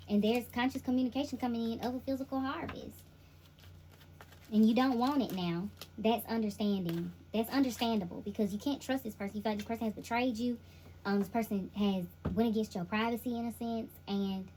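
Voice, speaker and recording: A woman's voice: fairly high pitch, moderate pace, darkish tone, slight background noise, poor audio. A woman giving a casual tarot reading, speaking directly to the listener in an emphatic, repetitive, slangy way. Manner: informal slangy delivery. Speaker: intuitive tarot reader.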